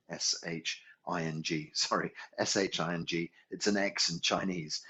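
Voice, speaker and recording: A man teaching a qigong healing class, gently guiding breaths and sounding out long vocal tones and hums. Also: deep voice, slightly rough, highs cut off. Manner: gentle, unhurried guidance with sung tones and hums. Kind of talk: guided healing class instruction.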